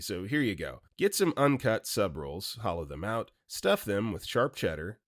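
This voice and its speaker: A man's voice: lowish voice, no room sound, studio quality. A man narrating stories in a casual, wry way, with brief comments of his own. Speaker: story reader and commentator.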